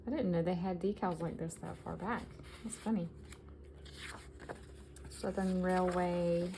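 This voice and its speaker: Gravelly low-voiced woman showing thrift finds. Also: warm tone, a little hiss or hum, poor audio. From American South. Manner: chatty and enthusiastic, reading items aloud. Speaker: vintage collector vlogger. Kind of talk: casual show-and-tell haul.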